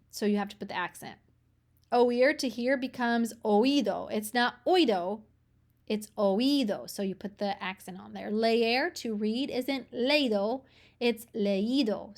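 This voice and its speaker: Woman teacher, higher voice, unhurried examples. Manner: slows down to read Spanish examples clearly. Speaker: language teacher. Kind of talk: recorded grammar lesson.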